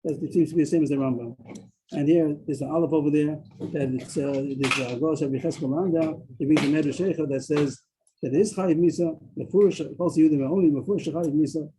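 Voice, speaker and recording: A man leads a Talmud study class on a video call. He explains at a rapid clip in a dark, mellow voice, often stopping to restart his sentences. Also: on the high side, slight background noise, poor audio. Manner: explains quickly, with frequent restarts.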